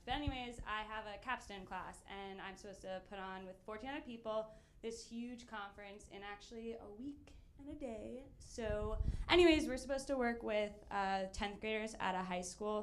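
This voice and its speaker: A woman's voice: medium pitch, slight background noise. A young woman in her early twenties, a college student talking casually on stage with many fillers. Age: early 20s. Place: live show with audience.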